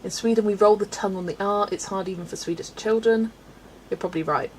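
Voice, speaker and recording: A woman's voice: mid-range voice, fast talker, a little mellow, poor audio. Woman from Belgium, livestream host; chatty, giggly, casual, faint hiss under the voice. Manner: chatty, laughs often, stumbles over names. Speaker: livestream host reading chat. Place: home, colouring at a desk.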